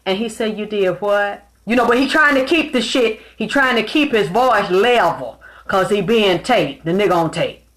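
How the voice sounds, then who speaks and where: A woman's voice: medium pitch, normal speed, hardly any pauses. A woman giving a spiritual reading in a casual monologue, telling stories bluntly with plenty of profanity. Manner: blunt, profane, animated storytelling. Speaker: spiritual reader.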